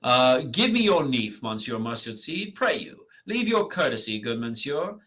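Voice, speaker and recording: A man's voice: mid-range voice, big pitch swings, normal speed, pushed and bright. A man reading the part of a foolish male weaver with a donkey's head, in a boastful, bumbling manner. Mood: pompous. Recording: lo-fi dull recording.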